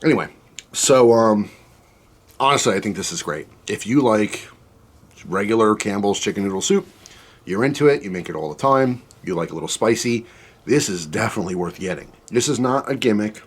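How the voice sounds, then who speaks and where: A man with a fairly low voice rambles casually through a spicy soup taste test. He fills gaps with "um" and "like" and drifts off topic. His mouth burns from the heat as he talks. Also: expressive, normal speed, husky. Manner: chatty, rambling, with many fillers and asides. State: mouth burning from spicy food. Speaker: food reviewer.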